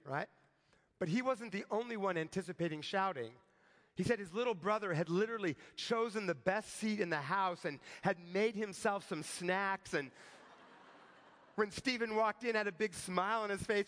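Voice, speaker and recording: A man's voice: high voice, expressive, normal speed, fairly bright tone, big-room sound. A man preaching a sermon, telling a story in a conversational way and often checking in with "right?". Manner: conversational, tag questions like "right?".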